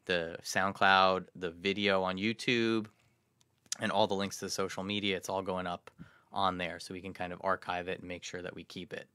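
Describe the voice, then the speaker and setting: A man co-hosting a casual local podcast, rambling with many restarts and trailing off quietly. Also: low-pitched, little pitch movement, moderate pace, clear, resonant tone, no room sound. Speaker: podcast co-host. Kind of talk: casual chat.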